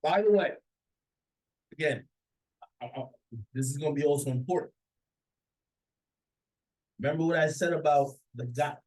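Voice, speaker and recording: Husky guy reacting to a clip, kinda high voice, opinionated, stumbles over words. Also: normal speed, pauses often, darkish tone, low-quality recording. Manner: opinionated, stammers and repeats words. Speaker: reaction commentator. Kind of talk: casual reaction commentary.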